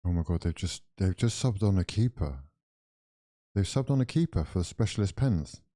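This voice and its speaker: A young man with a lowish, mellow voice reacts to a football match as it plays, calling out and chatting straight to his viewers. His tone swings quickly into excitement, and he talks in loose, casual bursts. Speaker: watch-along streamer. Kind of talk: live football watch-along commentary.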